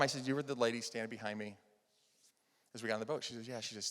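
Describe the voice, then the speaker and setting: A man's voice: medium pitch, racing. Earnest man speaking in a reverberant hall. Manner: earnest storytelling, swings between loud emphasis and soft hushed lines. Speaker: conference speaker. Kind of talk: motivational keynote talk. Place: large event hall.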